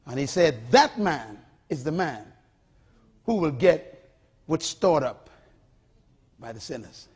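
A man's voice: on the high side, very animated, slow pace, pauses often, darkish tone, slightly rough. A man preaching a sermon in an emphatic, repetitive style, calling on the congregation to respond.

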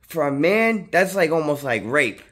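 A man's voice: fairly high pitch, unhurried. A man vlogging a personal story in casual, rambling talk, heavy on profanity and filler like "dude" and "you know what I mean", his voice jumping up when he gets worked up. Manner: excitable, voice jumps up when worked up.

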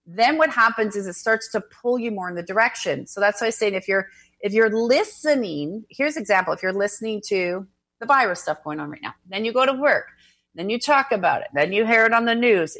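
A woman hosts a spiritual call-in radio show, teaching listeners in a lively, conversational way. She moves between plain explanation and playful impressions of the people she quotes, at a middle pitch. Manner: animated, acts out quoted voices, laughs easily.

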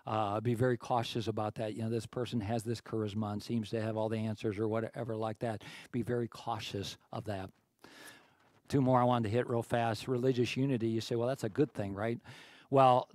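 A man's voice: on the low side, a little mellow, dry recording. A man preaching a sermon as pastor, talking in a conversational way with many restarts and climbing to emphatic peaks.

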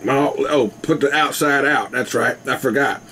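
A man's voice: mid-range voice, moderate pace, pushed and bright, slight background noise. A man rambling casually to his camera at home, laughing often. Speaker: vlogger. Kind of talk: casual rambling video chat.

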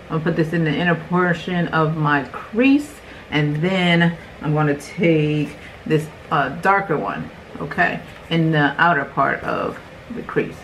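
An unhurried, low-voiced beauty vlogger in her forties addresses her viewers in a chatty way as she films a makeup tutorial at home. The rough recording has a little hiss or hum.

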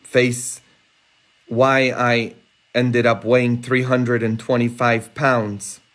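A man preaching a homily, earnest and emphatic, rising high and intense for rhetorical questions. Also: little pitch movement, slow, a bit bright. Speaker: priest. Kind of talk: sermon. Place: church, livestreamed.

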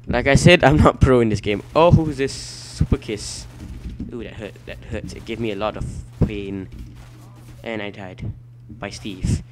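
A man giving let's play commentary at his computer, excitable and quick to shout and swear at the game. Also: lowish voice, background noise. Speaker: gameplay commentator.

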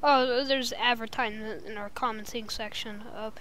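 A young woman with a high, light voice co-hosts a homemade podcast. She chats casually, giggles often and teases her co-host in a playful, joking way. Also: fairly even intonation, normal speed, a bit bright. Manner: giggly, playful, trades silly jabs. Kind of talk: casual chat.

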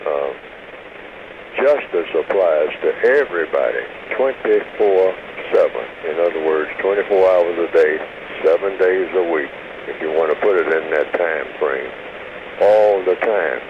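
An older man talks slowly and carefully, defining his terms as a radio guest. His voice sits very low. It comes through a narrow, phone-like line with steady hiss behind it. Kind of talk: call-in radio interview.

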